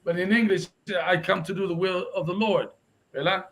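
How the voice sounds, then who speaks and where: This religious instructor is a man whose high-sitting voice is a bit bright, with fairly even intonation and a moderate pace, though the audio is poor. He teaches a confrontational Bible lesson, moving between English and Spanish. His manner is emphatic, and he keeps pressing listeners with "right?" to get their agreement.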